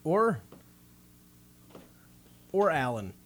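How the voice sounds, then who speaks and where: Young man, podcast host, lively voice, slightly high, teasing banter, faint background noise. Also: very slow. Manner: joking, animated, teasing. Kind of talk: casual group chat.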